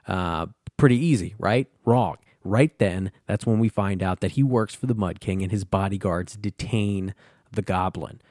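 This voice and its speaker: A man's voice: sits low, a little mellow, dry recording, studio quality. A man hosting a comic book podcast, recapping an issue in a loose, rambling way and swearing often.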